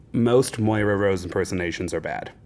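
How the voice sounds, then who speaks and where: A man's voice: sits low, a little mellow. A man hosting a podcast, telling history in a casual, joking way and laughing often. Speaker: podcast co-host. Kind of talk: casual chat.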